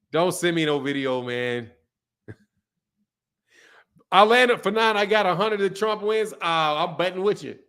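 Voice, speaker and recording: A man's voice: high voice, a bit bright, smooth. A man hosting a live stream in loose, casual chat, joking, laughing often and answering viewers' comments.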